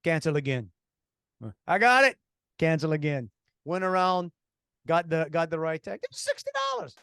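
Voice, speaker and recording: A man's voice: a little high, sing-song, brisk, smooth, no room sound, clean studio sound. A man co-hosting a radio talk show, telling stories animatedly with heavy sarcasm and many restarts. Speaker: radio co-host. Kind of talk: casual radio chat.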